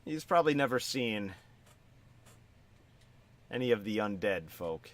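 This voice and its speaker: A man's voice: lowish voice, expressive, a little slow, fairly bright tone. A man running a tabletop role-playing game as game master, narrating the scene.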